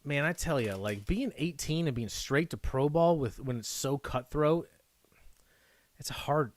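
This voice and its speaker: A man's voice: fairly high pitch, unhurried, dry recording, studio quality. A man hosting a live card break, chatty and rambling, who gasps and whoops when a good card comes up. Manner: excitable, gasping and whooping at pulls.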